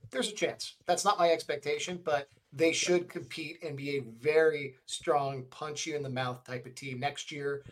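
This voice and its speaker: Animated man, higher voice, podcast guest. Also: normal speed, few pauses. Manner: animated, quizzing the others. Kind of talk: casual podcast chat.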